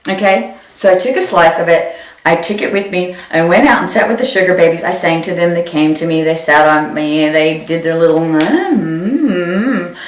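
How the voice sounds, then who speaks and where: A woman comedian telling a comic story in an animated way, often jumping into high squeals for quoted voices, recorded from a distance in an echoey room. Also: a little fast. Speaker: stand-up comedian.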